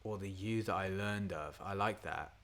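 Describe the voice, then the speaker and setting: A man's voice: low voice, normal speed, creaky, a bit bright. A man talking casually while writing a song, thinking aloud, trailing off and trying lines under his breath. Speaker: singer-songwriter streaming a songwriting session.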